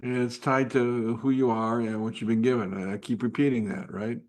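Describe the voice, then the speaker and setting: A man's voice: medium pitch, fairly even intonation, normal speed, a little mellow. A man hosting a live faith-based talk, speaking in an unpolished way with many restarts and fillers, sometimes dropping to a whisper. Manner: drops to a whisper at times. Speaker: host.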